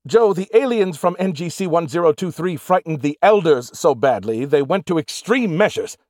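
Guy putting on a squeaky snarky ai, whiny and screechy, storybook style, dry sound. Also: animated, moderate pace, darkish tone, no echo, close to an everyday voice. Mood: exasperated, panicky. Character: snarky, dramatic male AI with tiny hologram avatar.

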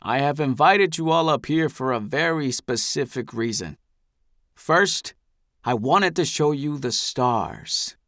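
A man voicing an older male ship leader in an audiobook, speaking in a grandfatherly, theatrical, deliberate way. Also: medium pitch, a bit bright, no echo, studio quality, voice pushed up. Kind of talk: audiobook character voice.

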